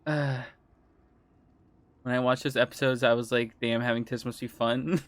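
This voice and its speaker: A woman's voice: rumbling low, fairly even intonation, normal speed, long pauses, dry recording. A woman streaming a game, chatting casually with her chat, laughing often and swearing freely. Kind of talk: casual game livestream commentary, reading chat.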